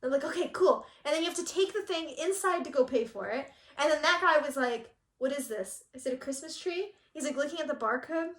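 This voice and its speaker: Animated woman telling a story, echoey room. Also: high voice, fairly quick, hardly any pauses. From Southern California. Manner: animated, laughing, acting out quotes. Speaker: co-host of a cross-stitch channel. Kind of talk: casual storytelling chat.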